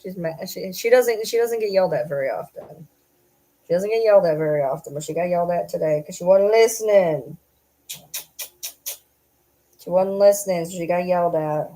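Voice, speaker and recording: A woman's voice: on the low side, moderate pace, pauses often, mellow, rough recording. A young woman vlogger chatting casually on a livestream, talking to viewers and baby-talking to her dogs.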